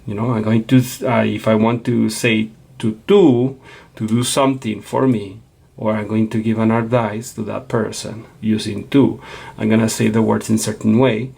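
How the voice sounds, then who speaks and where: A man's voice: lowish voice, flat delivery, moderate pace, gravelly, a little mellow, breathy edge. A man teaching a Spanish lesson, explaining patiently and checking in with a frequent "okay?". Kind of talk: classroom lecture.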